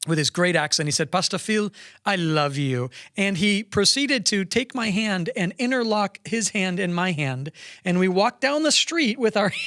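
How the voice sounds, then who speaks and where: Eager, higher-voiced male podcast host. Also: fairly bright tone, dry recording, clean studio sound. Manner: enthusiastic, effusive, with frequent restarts. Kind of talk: casual conversational interview.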